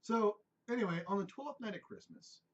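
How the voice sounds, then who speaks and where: A man's voice: high-pitched, huge pitch swings, normal speed. A man hosting a podcast in casual chat, joking, swearing, and drifting off topic. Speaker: podcast host. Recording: dull lo-fi podcast audio.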